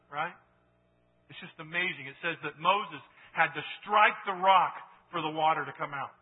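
A man preaching a sermon as pastor, animated and rising loud when he reads scripture. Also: high voice, normal speed, husky. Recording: phone-like sound, long hall reverb.

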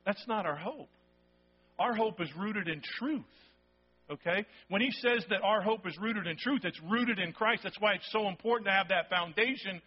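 The man's voice sits high and is slightly rough, moving at normal speed. He's a pastor giving a sermon in a conversational, emphatic manner, often checking in with "okay?", with dull lo-fi audio.

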